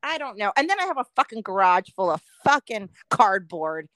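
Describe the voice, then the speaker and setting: Bright-voiced, swearing woman podcast co-host. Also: medium pitch, very animated, normal speed, dry recording. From Oregon, US. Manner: profane, rant-prone, laughs often. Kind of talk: casual chat.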